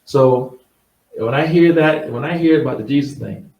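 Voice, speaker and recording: A man's voice: medium pitch, normal speed, gravelly, lo-fi sound. Blunt, mocking male host. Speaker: host giving insurance advice. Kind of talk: casual talk to camera. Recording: roomy sound, mic at a distance.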